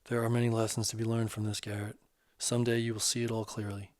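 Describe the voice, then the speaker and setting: A calm, caring male teacher, as a male narrator voices him, speaking softly and reassuringly. His voice sits low and sounds close and dry. He has a patient, steady manner. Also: fast talker, no echo, lightly acted. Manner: soft-spoken, reassuring, lightly teasing. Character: gentle male movement teacher, calm and supportive.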